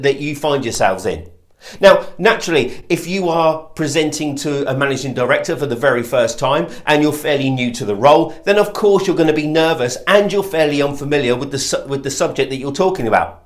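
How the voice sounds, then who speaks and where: Guy teaching sales call tone, fairly high voice, punchy emphatic delivery. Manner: emphatic, demonstrates voice tones. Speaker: sales trainer. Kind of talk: instructional talk to camera.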